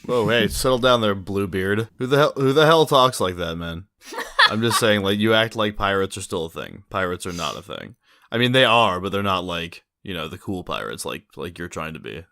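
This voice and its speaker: Low-voiced sarcastic male player. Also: expressive, moderate pace, bright, forceful tone, no echo, studio quality. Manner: mocking, sarcastic. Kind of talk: in-character banter in a tabletop game.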